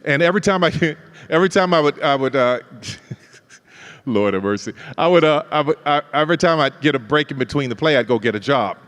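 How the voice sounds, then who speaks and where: A man telling his life story as a guest in an interview, animated, acting out other people's lines and laughing often. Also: a little high, brisk, long reverb tail.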